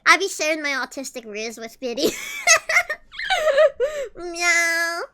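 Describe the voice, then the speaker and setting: A woman's voice: sits high, slow, noisy background. A young adult woman streaming as a VTuber, chatting casually with viewers in a giggly, playful way, with a voice that cracks often. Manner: giggly, playful, jokes in bursts of mock drama. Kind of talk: casual chat reacting to viewers.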